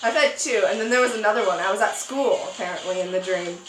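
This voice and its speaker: A young woman vlogger telling a story in a casual chat, animated and acting out quotes. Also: fast, roomy sound, soft background music, low-quality recording. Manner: animated, acts out quotes with sudden high squeals.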